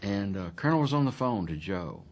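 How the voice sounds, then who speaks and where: A man's voice: on the low side, very animated, fairly quick, highs cut off. A man, telling his memories bluntly and emphatically in a documentary interview.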